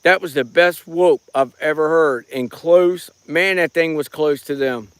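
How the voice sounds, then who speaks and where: A rambling, folksy middle-aged man watches for the paranormal on a live stream, outdoors at night on a rural property, greeting viewers by name. He speaks a little slowly in a voice on the high side, fairly bright and clean, recorded dry on a handheld phone.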